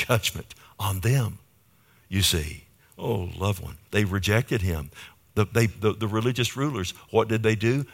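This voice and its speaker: A man's voice: low voice, a bit bright. A male pastor preaching a sermon, asking the congregation questions and building emphasis on key phrases.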